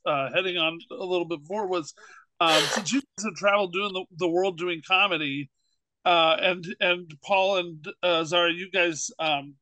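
A man's voice: sits high, sharp tone, no echo, low-quality recording. A male podcast co-host asking questions hesitantly, with many fillers. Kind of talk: casual interview questions.

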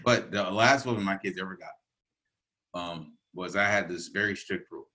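A middle-aged man co-hosting a podcast swaps family stories in relaxed conversation. He's an animated storyteller with a low-pitched voice and a moderate pace, and he laughs often.

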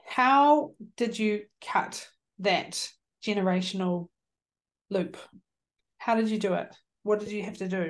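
A woman podcast host asking gentle follow-up questions and giving brief affirmations. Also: medium pitch, takes it slowly. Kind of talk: interview questions.

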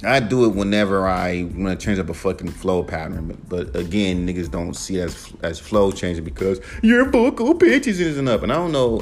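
A man with a deep, low-pitched voice talks casually on a solo podcast, swearing freely as he rants with emphatic energy about rap. Faint music sits quietly behind him. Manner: profane, emphatic, animated rant. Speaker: podcast host and rapper.

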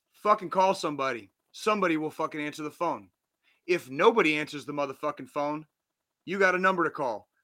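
A man's voice: fairly high pitch, fairly bright tone. A man in his forties hosting a podcast, giving a blunt, heavily profane but earnest motivational pep talk. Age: 40s. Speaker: podcast host. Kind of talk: casual motivational monologue.

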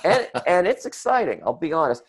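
A man telling a comic story to an audience, animated and acting out the people in it. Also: high-pitched, brisk, husky. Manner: animated, acts out voices and shouts in the retelling. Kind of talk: comic anecdote told to an audience.

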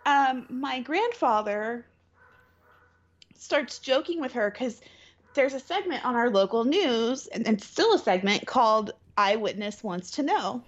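Young female podcast co-host, high voice, lively storyteller, lo-fi sound. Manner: animated, laughs often, acts out quoted voices. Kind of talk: casual storytelling chat.

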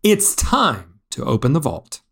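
Chatty animated male podcast co-host. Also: fairly high pitch, unhurried, husky. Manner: chatty, animated, with many fillers. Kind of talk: casual chat.

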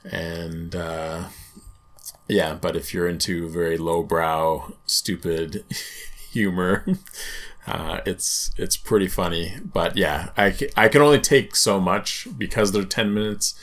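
A man co-hosting a casual podcast, talking in a relaxed, offhand way with frequent chuckles. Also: sits low, slow. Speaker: podcast co-host.

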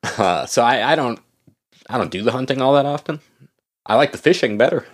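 A man's voice: medium pitch, lively intonation, brisk. A man in casual chat about a video game, laughing often and swearing freely.

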